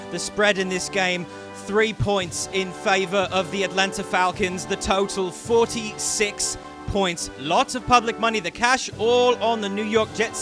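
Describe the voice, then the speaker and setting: A man voicing a genteel gentleman pundit, reading betting lines in a prim, measured way. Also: sits high.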